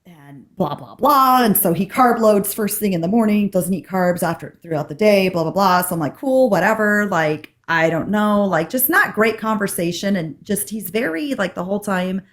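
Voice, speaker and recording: A woman of middle pitch co-hosts a podcast and tells a story in a casual chat. She is animated and acts out the other people's lines as she goes. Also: normal speed, hardly any pauses. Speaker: podcast co-host.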